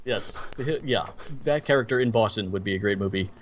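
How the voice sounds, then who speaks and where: A man co-hosting a casual movie review podcast, recounting scenes in an animated, storytelling way. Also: lowish voice, fast talker, dull audio. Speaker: podcast co-host.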